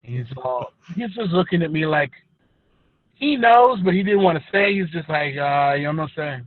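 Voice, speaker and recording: A man co-hosting a casual podcast, an animated storyteller who swears a lot and plays up emotion. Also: high-pitched, normal speed, no echo, narrow, tinny audio. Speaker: podcast co-host. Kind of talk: casual chat.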